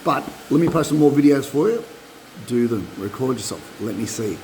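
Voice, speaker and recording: A middle-aged man giving dog-training advice in a casual, animated way, repeating points and acting out dog voices, recorded on a propped-up phone. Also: medium pitch, moderate pace, slight background noise, low-quality recording. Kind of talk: casual instructional talk.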